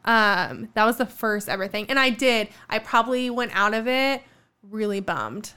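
A woman's voice: a little high, animated, moderate pace, pushed and bright, clear, resonant tone. A young woman in her twenties telling a personal story in a casual podcast chat, full of fillers like "like" and "um". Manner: chatty storytelling with many fillers.

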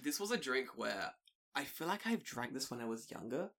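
A young British man in casual podcast chat, telling lively stories with frequent laughter and casual swearing. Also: mid-range voice, normal speed. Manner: animated storytelling, laughs often, swears casually.

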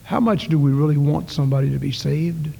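Earnest preacher in a reverberant church. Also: male voice, fairly high pitch, steady tone, fairly quick, gravelly, mellow, slightly rough. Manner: earnest storytelling, rising to calls then dropping to near whispers. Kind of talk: sermon. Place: church sanctuary.

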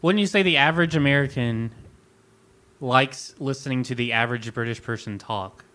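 A man co-hosting a podcast, chatting in a relaxed, easygoing way about music and accents. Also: mid-range voice, moderate pace. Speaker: podcast co-host. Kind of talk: casual music chat.

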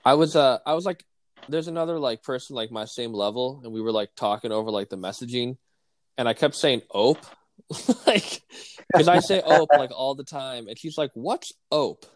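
Rambling, relaxed podcast co-host man. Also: medium pitch, normal speed, no room sound. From American Midwest. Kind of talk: casual chat.

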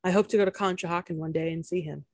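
A woman's voice: on the low side, steady tone, rapid-fire, a little mellow, dry recording. Woman podcast cohost, chatty, laughs a lot, dry close sound. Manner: chatty, laughs often, many fillers. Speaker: podcast co-host. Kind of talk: casual chat recapping a reality show.

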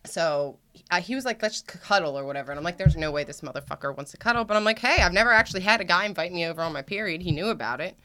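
Woman, podcast host, bright crisp voice, fairly low, candid laughing storyteller. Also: lively intonation, very fast. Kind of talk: casual chat.

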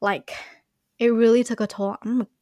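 A woman's voice: on the high side, level tone, moderate pace, a little mellow, no room sound, clean studio sound. A young woman chatting casually on a podcast, with a lot of "like" and "you know". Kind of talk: casual chat.

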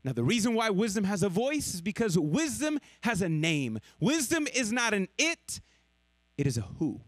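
A man preaching a sermon, swinging from loud emphatic lines to hushed, slow ones. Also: sits high, big pitch swings, dry recording. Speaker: pastor.

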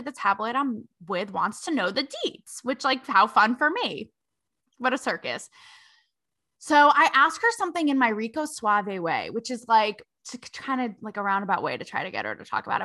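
A young adult woman hosting a podcast, telling a story in a sassy, slangy, animated way. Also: a little high. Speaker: podcast host. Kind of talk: casual storytelling commentary.

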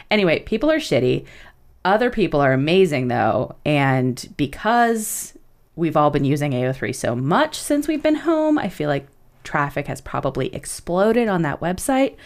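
Speaking at a normal speed with a sing-song lilt, a young podcast co-host keeps things loose and conversational in her low voice. She curses without hesitation and frequently laughs during her side comments.

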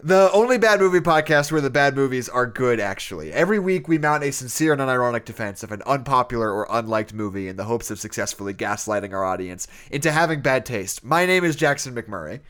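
A man's voice: mid-range voice, lively intonation, fast, few pauses, fairly bright tone, smooth. A man co-hosting a podcast in casual chat, rambling and laughing often. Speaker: podcast co-host.

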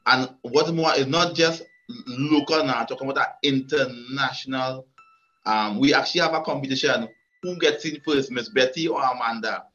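Forceful man, dull lo-fi audio. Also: mid-range voice, moderate pace, soft background music. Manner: emphatic, repeats words while building points. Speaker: host of a live show. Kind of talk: casual chat.

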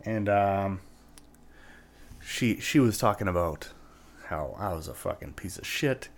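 A man's voice: low-pitched, animated, measured pace. A man telling a personal story in a casual, rambling way, swearing often and filling his talk with "like" and "right?". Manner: rambling and profane, full of "like" and "right?".

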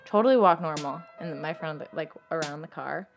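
A young woman telling her own story in casual chat, filling nearly every phrase with "like" and swinging between loud and hushed. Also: deep voice, brisk, vocal fry, music in the background.

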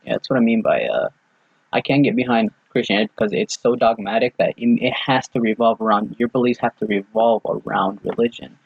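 A man's voice: mid-range voice, steady tone, a little fast, creaky, husky, no echo. A young man chatting casually on a podcast, telling a story with lots of swearing and quoted dialogue. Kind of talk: casual chat. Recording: dull lo-fi dry sound.

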